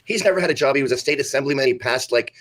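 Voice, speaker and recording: Husky, rapid-fire man. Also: medium pitch, a bit bright. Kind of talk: political talk show.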